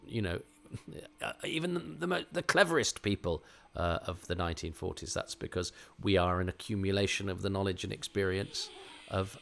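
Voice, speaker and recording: A middle-aged man speaks in a fairly low voice with a crisp English Received Pronunciation accent. He talks as a podcast host in loose, reflective commentary. His sentences wander, full of fillers and false starts. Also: fairly bright tone. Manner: rambling, many fillers and restarts. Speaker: podcast host reviewing a TV episode.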